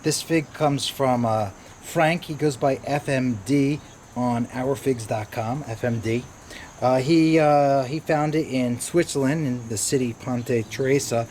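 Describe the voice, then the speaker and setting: A man's voice: mid-range voice, measured pace, a little mellow, slight background noise. A man in his thirties hosting a casual backyard vlog about fig trees, chatty and telling stories with quoted voices. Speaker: fig-growing channel host. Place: outdoors in a backyard garden.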